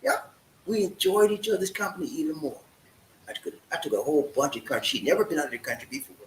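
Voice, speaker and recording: A man's voice: fairly high pitch, fast talker. A man giving relationship advice in a casual talk, full of rhetorical questions and repeated "man". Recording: echoey room with faint noise.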